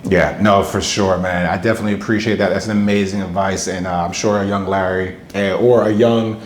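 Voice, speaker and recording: Excitable male host, cheers the guest on, echoey room sound. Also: low voice, a little fast, a little hiss or hum. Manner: enthusiastic, hyping, laughs often. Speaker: interview host. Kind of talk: interview conversation.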